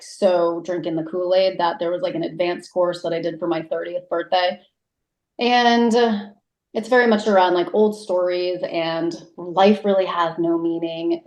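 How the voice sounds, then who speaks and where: A woman in her thirties, a podcast guest, telling a personal story in conversation and acting out what others said. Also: on the low side. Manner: animated, quotes others in lively voices. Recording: roomy echo.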